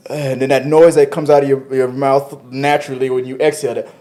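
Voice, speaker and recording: A man's voice: mid-range voice, little pitch movement, a little fast, warm tone. A man hosting a casual entertainment news show, loose and joking, with frequent fillers and restarts. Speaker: podcast host.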